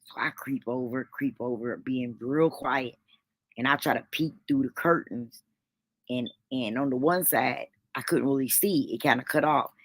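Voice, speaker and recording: A woman's voice: extremely low pitch, normal speed, dry recording. A woman telling a dramatic story to her viewers, swearing freely and calling them honey. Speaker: storytime vlogger. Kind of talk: animated storytelling.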